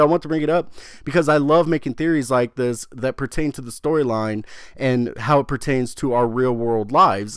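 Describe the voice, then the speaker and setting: An excitable young man talking straight to his viewers, rambling, cutting himself off and swearing freely. His voice sits at an ordinary middle pitch. The recording is dry with no room sound. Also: no echo. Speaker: gaming channel host. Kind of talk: casual video commentary on a game storyline.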